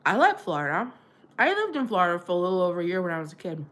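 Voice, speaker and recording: A woman's voice: fairly low pitch, big pitch swings, rapid-fire, fairly bright tone. A middle-aged woman hosting a casual livestream, chatting and giggling as she answers viewers' comments. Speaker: livestream host.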